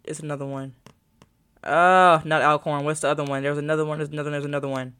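A young adult woman, a college student, chats casually with her viewers in a vlog, rambling and thinking aloud as she searches her phone. Her voice is deep, bright, clear and resonant, with a level tone and a fast pace.

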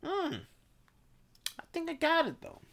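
A man rambling in a casual vlog monologue, swearing and cutting himself off, in an unusually high, strained voice. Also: huge pitch swings, a little slow, creaky, a bit bright. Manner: rambling, swearing, self-interrupting. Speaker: vlogger.

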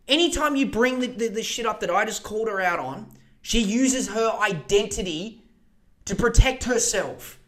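A young man hosts a podcast with a fairly high voice and a heated, profane delivery. He gets more passionate as he talks and rushes ahead when worked up. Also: expressive, fairly bright tone. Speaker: podcast host. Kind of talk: casual political rant.

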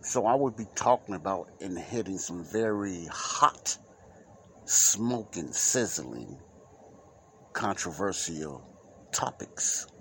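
Slow, deep-voiced man hosting a Christian podcast. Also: animated, a little hiss or hum. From United States. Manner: rambling, repetitive, informal preacherly delivery. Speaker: podcast host. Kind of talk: Christian talk podcast monologue. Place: Chicago area.

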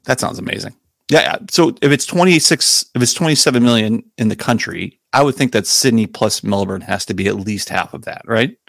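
A man co-hosting a podcast, excitable and laughing a lot in casual chat. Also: on the low side, a little fast, vocal fry, dry recording, clean studio sound. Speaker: podcast co-host.

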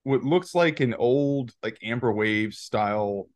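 A man's voice: medium pitch, lively intonation, slow pace, no room sound. A man co-hosting a podcast, rambling through a movie recap in casual chat, laughing often and restarting his sentences. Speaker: podcast co-host.

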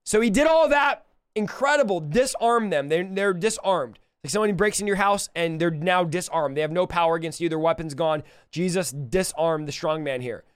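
Lively young preacher, high clear voice. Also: male voice, fairly quick, dry recording, studio quality. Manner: energetic, conversational, direct address to viewers. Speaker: preacher and podcast host. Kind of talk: verse-by-verse Bible teaching.

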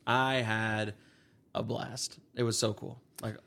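A man's voice: lowish voice, little pitch movement, takes it slowly, vocal fry, fairly bright tone. A young man co-hosting a casual podcast, rambling with lots of fillers and frequent laughs. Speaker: podcast co-host. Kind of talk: casual chat.

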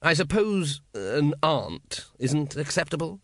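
A man voicing a dry, calculating older male ruler who speaks in measured, sardonic questions in an audiobook. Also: mid-range voice, very animated, dry recording. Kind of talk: audiobook character voice.

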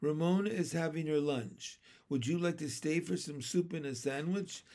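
A man voicing a tired, gentle mother in a storybook reading, weary and soothing. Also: on the high side, normal speed, close to an everyday voice.

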